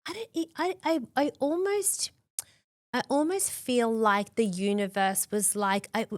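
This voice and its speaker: A woman's voice: mid-range voice, clean tone, no echo. An Australian woman in her forties, a podcast guest telling her story candidly and acting out the dialogue she quotes. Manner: animated, acts out quoted dialogue, frequent "like".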